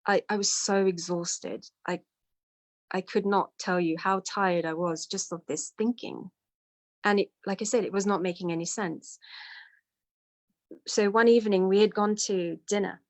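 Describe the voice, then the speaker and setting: A woman's voice: medium pitch, fairly even intonation, moderate pace. Candid woman telling her story. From United Kingdom. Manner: candid, self-deprecating, emotional. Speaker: devotee sharing testimony. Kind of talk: personal storytelling.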